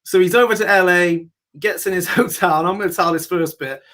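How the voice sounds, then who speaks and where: High-voiced male host, chatty and laughing. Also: a little fast, fairly bright tone. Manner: chatty, laughs often, swears casually. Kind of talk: casual chat.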